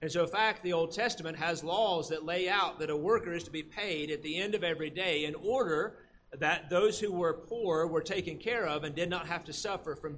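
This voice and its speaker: A man's voice: high voice, slight background noise. A man preaching a sermon, explaining a passage and acting out the characters' complaints with animation. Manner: animated, acts out the workers' complaints.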